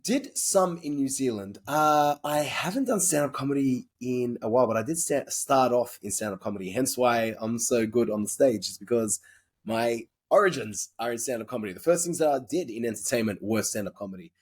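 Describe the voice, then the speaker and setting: A man's voice: medium pitch, expressive, a little fast, slightly rough. A man with an Australian accent, a guest actor talking casually and bluntly in a podcast interview, rambling through his stories and swearing now and then.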